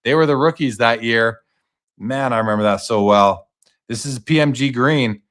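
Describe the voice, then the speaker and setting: A man's voice: mid-range voice, normal speed, a bit bright. A man hosting a live sports card auction stream, reading out each lot's details and asking his guest for opinions. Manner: casual, reads out lot details and asks the guest questions. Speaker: host.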